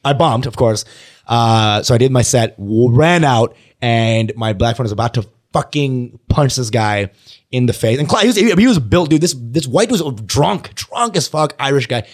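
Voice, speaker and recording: A man who works as a stand-up comedian, telling stories in casual podcast chat, animated and laughing often, with plenty of swearing. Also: medium pitch, moderate pace.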